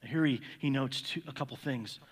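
A man's voice: medium pitch, normal speed, breathy edge, long reverb tail. A male pastor preaching a sermon, earnest and emphatic, often repeating a word as he presses a point. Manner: earnest, repeats words when stressing a point.

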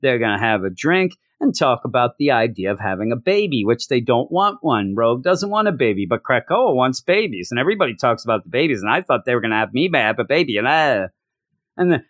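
A man casually reviewing a comic, joking and acting out characters' lines in quick voices. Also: mid-range voice, no room sound, clean studio sound. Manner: animated, jokey, acts out characters in quick voices. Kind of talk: casual solo review chat.

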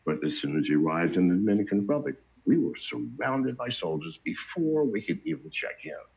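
A man's voice: fairly low pitch, very animated, fairly quick, creaky, darkish tone, slightly rough. An older man telling his story in casual, blunt, profane talk, chuckling between anecdotes. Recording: dull lo-fi recording.

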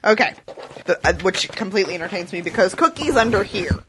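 A woman's voice: mid-range voice, lively intonation, fast talker, background noise. A young woman co-hosting a podcast who talks in a playful, teasing, giggly way and reads a listener's letter aloud. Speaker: podcast co-host. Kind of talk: casual chat.

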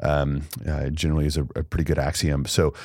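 Very deep fast-talking man. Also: little pitch movement, a little mellow, dry recording, studio quality. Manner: quick, rambling with fillers and restarts. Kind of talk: podcast conversation.

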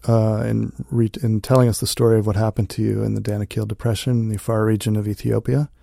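A gravelly, low-pitched man hosting a comedy show in a dry, deadpan manner. He reads lines with straight-faced calm, recorded close and dry. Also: quick pace, no room sound. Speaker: comedy podcast host. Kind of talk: mock-earnest ad read and hosting.

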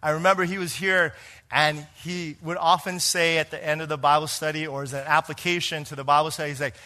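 A pastor preaching to his congregation, his voice pitched a little high and carrying a bright, forceful edge. He moves between quiet, hushed lines and emphatic ones, often turning to the people with questions. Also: flat delivery, a little fast. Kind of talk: sermon.

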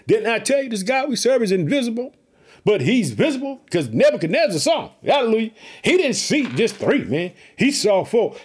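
Male preacher, high voice, lively sermon, reads and riffs with exclamations. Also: husky. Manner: exclamatory, repeats catchphrases, swings between reading and asides. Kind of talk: energetic sermon retelling scripture.

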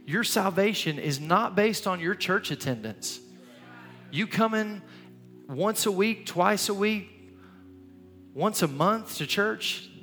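A man preaching as a pastor in a church, earnest and urging, often repeating his phrases. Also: high voice. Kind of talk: sermon. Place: church sanctuary. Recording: long hall reverb, soft music.

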